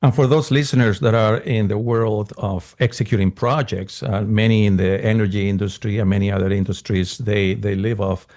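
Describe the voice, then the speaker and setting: A man's voice: fairly low pitch, fairly even intonation, normal speed, hardly any pauses, darkish tone. A man hosting a sales podcast, setting up long questions for his guest with a few fillers. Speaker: podcast host. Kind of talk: interview.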